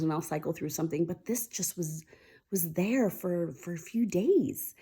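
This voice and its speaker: A woman's voice: fairly low pitch, vocal fry, mellow. A woman hosting a weekly mindfulness talk, speaking candidly and confidingly in a casual heartfelt chat to camera. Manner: candid, confiding, speaking openly about feelings.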